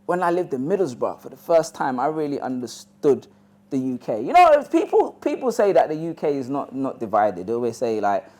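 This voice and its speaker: Very animated and brisk, a man with a medium-pitched, darkish voice addresses a live audience. The motivational speaker, from Ghana originally and London-accented, recounts a personal story conversationally, with lots of "you know" asides.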